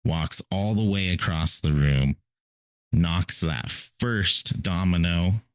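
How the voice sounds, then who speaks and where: Very deep-voiced man musing on a podcast. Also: takes it slowly, no echo. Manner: rambling, emphatic, repeats "right?". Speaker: podcast co-host. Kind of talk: casual philosophical chat.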